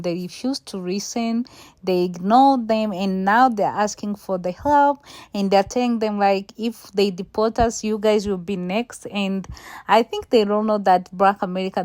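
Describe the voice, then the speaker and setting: A woman's voice: medium pitch, darkish tone, no echo. A woman hosting a casual reaction video, chatty and talking to her viewers as guys. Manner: chatty, addresses viewers as guys, many fillers. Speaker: host of reaction channel.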